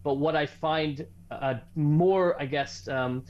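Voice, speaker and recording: Male academic guest, earnest and argumentative, slightly high pitch, dull lo-fi line. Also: takes it slowly, darkish tone. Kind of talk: studio interview.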